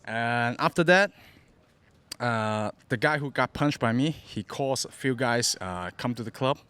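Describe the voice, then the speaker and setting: Young man, Cantonese-accented English, podcast guest; halting and repetitive, acts out the people in his stories. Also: medium pitch, expressive, clean tone. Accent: Hong Kong Cantonese. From Hong Kong. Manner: broken English, repeats words, acts out quotes loudly. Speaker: interview guest. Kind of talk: casual storytelling.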